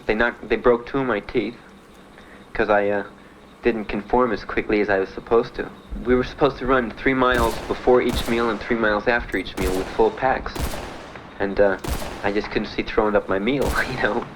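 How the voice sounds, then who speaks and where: Blunt low-voiced young man. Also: steady tone, normal speed, background noise. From United States (Miami). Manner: blunt, matter-of-fact, dry laughs. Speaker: war veteran telling his story. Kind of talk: candid spoken testimony.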